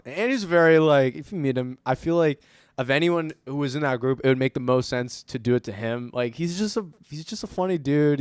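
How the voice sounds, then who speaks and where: A young man co-hosting a casual podcast, telling an animated story full of acted-out quotes and frequent laughter. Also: on the high side, smooth, dry recording, clean studio sound. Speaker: podcast co-host.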